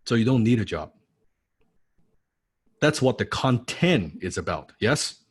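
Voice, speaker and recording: Husky-voiced guy lecturing a course, keeps going "right?", blunt, swears now and then. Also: lowish voice, sing-song, measured pace. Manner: punchy, rhetorical, keeps asking "right?"; blunt, occasionally swears for emphasis. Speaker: course instructor.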